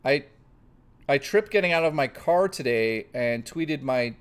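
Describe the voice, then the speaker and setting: A man's voice: mid-range voice, expressive, measured pace, smooth. A man hosting a live stream, chatting casually with viewers, swearing freely and reading the chat aloud. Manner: profane, playful, reads chat aloud.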